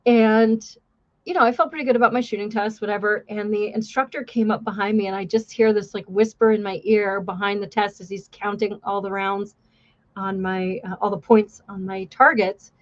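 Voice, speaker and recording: A woman's voice: mid-range voice, fairly even intonation, moderate pace, highs cut off. A woman livestream host, a former police officer, chatting casually and a bit profanely, mocking herself and reading out chat messages.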